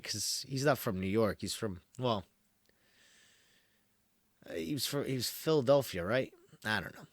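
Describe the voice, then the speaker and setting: A man hosts a podcast in a casual, rambling way, reading from an article and then breaking off into wry asides full of fillers. His voice sits at an ordinary middle pitch. The recording is dry and close, with no room sound. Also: expressive, moderate pace, fairly bright tone, no room sound. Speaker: podcast host.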